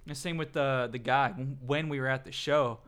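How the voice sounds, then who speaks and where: A man's voice: mid-range voice, fairly even intonation, moderate pace, a bit bright, smooth. Rambling, self-mocking man telling stories. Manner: rambling storyteller, many restarts and fillers. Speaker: podcast co-host. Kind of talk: casual chat.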